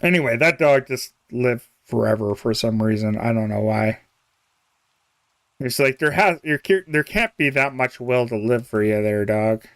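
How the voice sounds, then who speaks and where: A man's voice: mid-range voice, lively intonation, normal speed, no room sound, clean studio sound. A young man chatting casually on a game live stream, rambling, chuckling often and trailing off mid-thought. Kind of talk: casual live-stream chat while playing.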